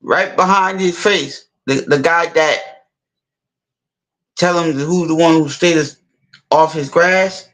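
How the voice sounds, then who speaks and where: A man's voice: on the high side, fairly bright tone, rough recording. A man retelling a movie scene in a casual, rambling way, stopping and restarting his sentences often. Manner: rambling, halting, many restarts and repeats. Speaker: storyteller.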